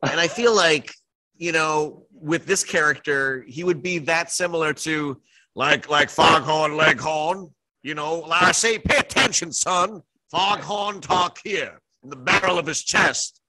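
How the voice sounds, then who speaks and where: Bright-voiced playful man on a panel. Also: fairly high pitch, a little slow, no echo, rough recording. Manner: playful, joking, laughs often. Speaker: voice actor guest. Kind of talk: casual panel chat. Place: convention panel stage.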